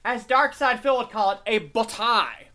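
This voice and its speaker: A man's voice: very high voice, expressive, moderate pace, bright, forceful tone. A man hosting a live stream, rambling and profane while he reads the chat and eats.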